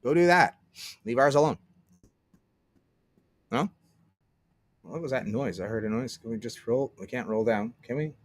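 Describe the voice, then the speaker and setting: Casting note: Canadian man as livestream host, middle pitch, sarcastic rambling, dry close sound. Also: normal speed, long pauses, no room sound. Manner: rambling, sarcastic, mutters while searching. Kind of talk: casual solo livestream commentary.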